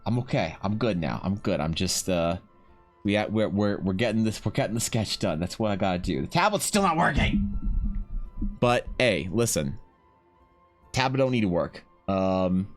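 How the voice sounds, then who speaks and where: A man streaming live while he draws, talking to his chat in a stammering, emotional way, restarting his words and swearing often. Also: fairly low pitch.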